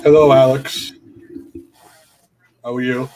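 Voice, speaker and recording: A man's voice: medium pitch, little pitch movement, slow, darkish tone, slight background noise, poor audio. A man co-hosting a live stream, chatting casually and greeting viewers by name.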